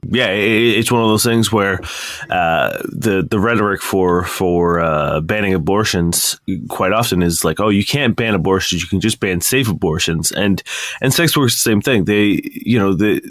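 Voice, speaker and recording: Deep-voiced sleepy podcast co-host man. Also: moderate pace, fairly bright tone, dry recording. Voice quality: morning voice. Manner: jokey, self-deprecating, stumbling restarts. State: just woken up. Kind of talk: casual chat.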